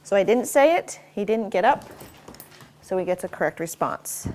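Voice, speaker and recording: A woman's voice: mid-range voice, animated, moderate pace. Woman dog trainer, instructional tone, lots of upbeat praise for the dog, faint noise and clicker clicks behind. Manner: praises the dog warmly and often in a bright raised voice.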